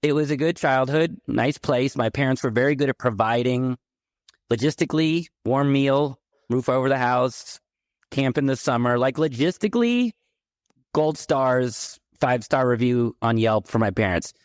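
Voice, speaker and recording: A middle-aged man from the San Francisco Bay Area, a podcast guest telling his childhood story in a candid, animated way. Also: medium pitch, moderate pace, no echo, studio quality. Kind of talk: personal storytelling in a podcast interview.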